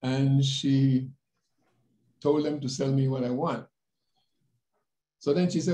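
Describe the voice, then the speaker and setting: An older man from the Panama Canal Zone, a panelist telling personal stories in an animated way over a video call. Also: normal speed, pauses often. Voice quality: animated, jumps in pitch when quoting others. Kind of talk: personal storytelling. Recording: roomy echo.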